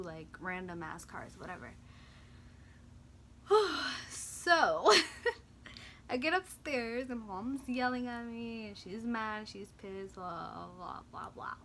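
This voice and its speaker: Young woman, bright voice, animated storytime vlogger, faint background hiss. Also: takes it slowly. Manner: animated, swings into loud high-pitched retellings of quoted lines; drops to quiet, low mumbling in reflective parts. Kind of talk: casual storytime.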